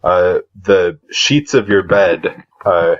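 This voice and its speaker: A man running a tabletop game as dungeon master, halting with many pauses and throat clears. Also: low voice. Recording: dull lo-fi sound.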